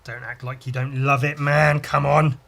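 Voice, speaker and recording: A man's voice: mid-range voice, flat delivery, moderate pace, gravelly, fairly bright tone. Crude, rambling male podcaster. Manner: crude, rambling, self-mocking jokes. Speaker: podcast host and illustrator. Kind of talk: casual drawing-podcast monologue.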